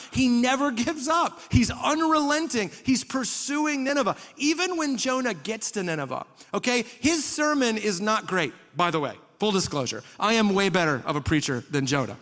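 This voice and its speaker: A man delivers a sermon with a light, high-pitched voice, asking his listeners question after question and slipping in wry jokes. His words ring out with a long reverb, as in a large hall. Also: lively intonation, brisk, few pauses, bright, forceful tone. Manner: conversational preaching with rhetorical questions and humor. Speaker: pastor.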